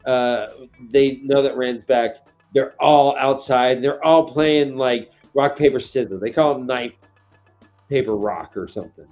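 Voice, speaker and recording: A middle-aged man chatting casually on a book podcast, animated and acting out scenes with sound effects. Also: medium pitch, unhurried, soft background music. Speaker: podcast co-host. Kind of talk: casual book-discussion chat.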